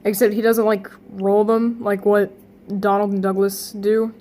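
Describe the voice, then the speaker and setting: A woman's voice: mid-range voice, little pitch movement, a little slow, dark tone. A young woman hosting a casting call for voice roles, talking casually and rambling with many fillers and restarts. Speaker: channel host running a casting call.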